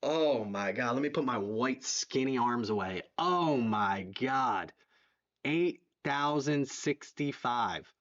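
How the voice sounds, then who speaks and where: Excitable Philly guy hosting live stream. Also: medium pitch, measured pace, hardly any pauses. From southeastern Pennsylvania. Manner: excitable, repeats himself, reads donations aloud. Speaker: livestream fundraiser host. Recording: slightly dull lo-fi stream audio.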